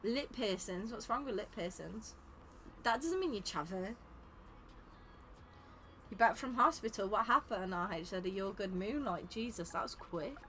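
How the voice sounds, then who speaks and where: Over soft background music, a young English streamer hosting custom game lobbies speaks unhurriedly with long pauses, in a mid-range, fairly bright voice with lively intonation. She sounds tired but laughs a lot, teasing viewers and reading their chat aloud in casual conversation.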